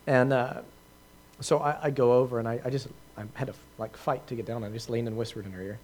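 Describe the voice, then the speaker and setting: A man's voice: mid-range voice, steady tone, fast talker, darkish tone. A man giving an informal talk to a group, telling a story in a conversational way with many fillers, restarts and laughs at himself. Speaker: preacher answering questions.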